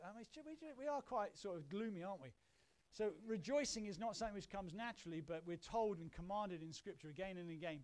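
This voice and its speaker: A man's voice: high-pitched, quick pace. A middle-aged man from England, preaching a conversational sermon and acting out quoted voices. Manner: conversational, animated, acts out little quoted voices. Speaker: pastor.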